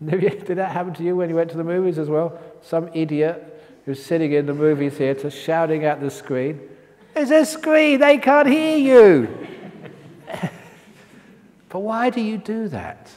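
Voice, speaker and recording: An older man giving a meditation talk at a retreat, an animated storyteller whose voice jumps high for quoted outbursts. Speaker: meditation teacher. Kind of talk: dharma talk with humorous stories. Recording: reverberant hall.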